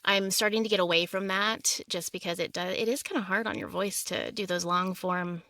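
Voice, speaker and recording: A woman's voice: mid-range voice, steady tone, a little fast, bright, forceful tone, no room sound. A woman audiobook narrator talking as a podcast guest in a frank, upbeat, encouraging way. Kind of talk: candid interview talk.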